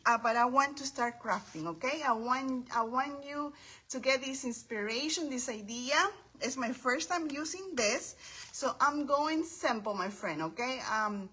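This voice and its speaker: Bright, high-voiced chatty craft host. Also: female voice, lively intonation, unhurried, slightly rough, poor audio. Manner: chatty, greets viewers by name, calls them my friend. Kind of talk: casual livestream chat while crafting. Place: home craft table.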